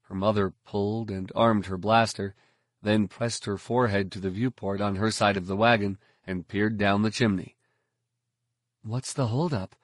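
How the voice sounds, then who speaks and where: A man reading scripted audiobook narration in a steady, even storytelling manner. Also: fairly low pitch, moderate pace, no room sound, clean studio sound.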